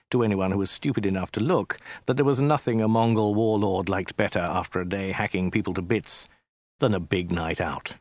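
A man narrating a comic story in a deadpan, scripted audiobook reading. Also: fairly low pitch, no room sound.

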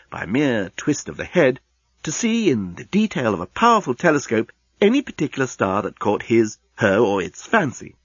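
A man narrating a story with a husky voice and an animated, far-ranging delivery. The recording is dry and slightly dull, with a lo-fi quality. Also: no echo. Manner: expressive storytelling with wide swings in pitch. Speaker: audiobook narrator. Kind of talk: scripted narration.

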